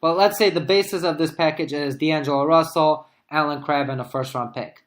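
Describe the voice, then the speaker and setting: A man co-hosting a sports podcast, thinking aloud in casual debate as he pitches hypothetical trades. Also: steady tone, fairly quick. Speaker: podcast co-host.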